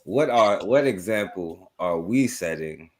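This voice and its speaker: Heated, low-voiced man co-hosting talk radio. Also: expressive, unhurried, a little mellow. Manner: heated, cussing, emphatic. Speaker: co-host.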